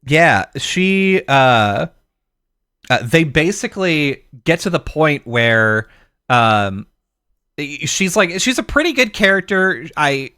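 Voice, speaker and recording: A man co-hosting a podcast in casual chat, animated and laughing, swearing freely and mimicking voices. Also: fairly high pitch, takes it slowly, smooth, no room sound, clean studio sound. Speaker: podcast co-host. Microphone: podcast mic.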